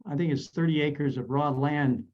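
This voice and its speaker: A man from Idaho with a fairly high voice, explaining his coaching ideas in a steady, measured way. His voice comes through dull and lo-fi, like call audio. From Idaho, USA. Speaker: habit coach guest. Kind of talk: coaching talk on a video call.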